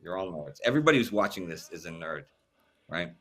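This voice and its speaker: A man with a lowish voice hosts a casual livestream, talking in loose, rambling runs. He circles back over his words as he works out a thought. A cough keeps catching at him. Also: animated, fairly quick, fairly bright tone, soft background music. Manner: rambling, repeats words while thinking. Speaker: livestream host.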